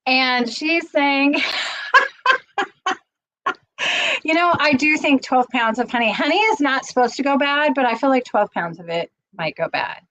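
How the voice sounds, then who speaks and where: A woman's voice: sits high, lively intonation, moderate pace, few pauses, a bit bright, low-quality recording. A middle-aged woman hosting a casual live stream, chatty and rambling, getting teary as she talks. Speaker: channel host.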